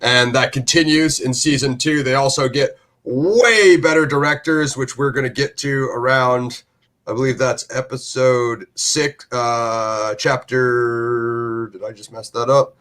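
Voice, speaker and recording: A man's voice: medium pitch, a little slow, fairly bright tone. A man hosting a review show in loose, rambling casual chat, full of fillers and restarts.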